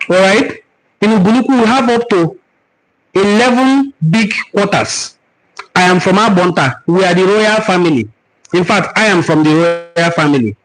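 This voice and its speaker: A man's voice: high-pitched, normal speed, poor audio. A man with a Nigerian accent, hosting a cultural forum and answering viewer comments in an earnest, preaching way, repeating words for emphasis. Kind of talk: live-stream teaching and answering viewer comments.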